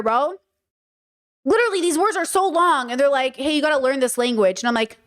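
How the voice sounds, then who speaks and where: An American woman hosts a casual livestream, joking around at a measured pace. Her voice is a bit higher than most women's, and she's playful and chatty, swearing freely and repeating words for emphasis. The conversation is loose and rambling.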